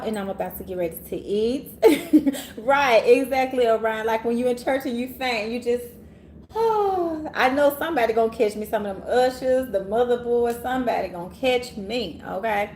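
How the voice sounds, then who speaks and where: Lively woman livestream host. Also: fairly high pitch, moderate pace, a little hiss or hum. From Orange Mound, Memphis area, USA. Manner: animated, laughs often, talks to viewers as y'all. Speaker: tarot reader and livestream host. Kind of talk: casual livestream chat. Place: city hotel room, sirens outside.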